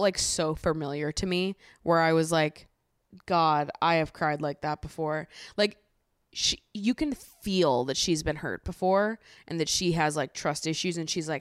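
A young woman hosting a podcast, recapping reality TV in an animated, exasperated way, swearing and laughing often. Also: on the low side, clean tone, dry recording, clean studio sound. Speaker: podcast host.

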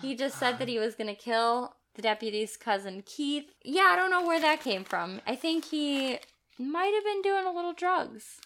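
A woman's voice: high-pitched, big pitch swings, normal speed, fairly bright tone. A woman co-hosting a casual podcast chat, recounting stories with frequent small laughs. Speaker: podcast co-host.

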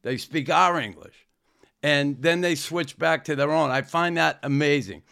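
Gravelly Boston-accented man, blunt. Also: fairly high pitch, unhurried, sharp tone. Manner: blunt, swears freely. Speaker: podcast co-host. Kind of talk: casual podcast chat.

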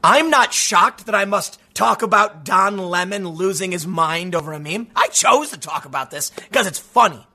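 A man giving sarcastic commentary, mocking and animated, laughing often, and losing his voice. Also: high voice, normal speed, hardly any pauses. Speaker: political commentary host.

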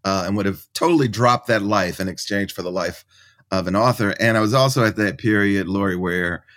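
A middle-aged man, a writer and professor, answering as a podcast guest in an animated storytelling way. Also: on the low side, a little fast. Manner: animated storyteller, acts out quoted voices.

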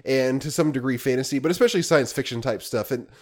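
A man co-hosting a casual podcast, speaking hesitantly and trailing off quietly. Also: mid-range voice, fast talker. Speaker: podcast co-host. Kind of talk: casual chat.

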